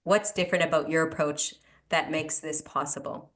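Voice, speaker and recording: A woman's voice: deep voice, steady tone, normal speed, a bit bright. A woman interviewing a guest, mostly giving short affirmations and asking prompting questions.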